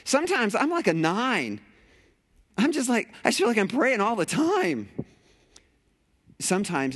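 A man preaching a conversational sermon in a church sanctuary, animated and playful with rhetorical questions. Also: sits high, unhurried, pauses often, husky. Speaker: pastor.

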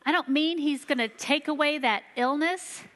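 A woman giving a sermon to a church, telling stories earnestly and slowing down for emphasis. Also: high voice, fairly bright tone. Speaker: church children's ministry leader. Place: church sanctuary. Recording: long reverb of a large hall.

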